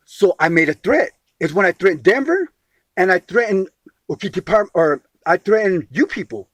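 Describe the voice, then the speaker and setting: A man's voice: high-pitched, big pitch swings, normal speed, fairly bright tone, slightly rough, no room sound. A man telling a long grievance in an agitated phone conversation, emphatic, restarting phrases and calling the listener sweetie. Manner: emphatic, repeats words and calls the listener sweetie. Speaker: caller telling his grievance.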